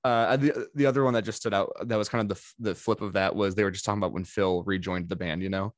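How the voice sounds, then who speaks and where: Man, low voice, casual podcast chat, rambling with fillers, dry close sound. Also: fairly even intonation, fast talker, no room sound. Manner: chatty, full of fillers and restarts, quotes others in put-on voices. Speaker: podcast co-host.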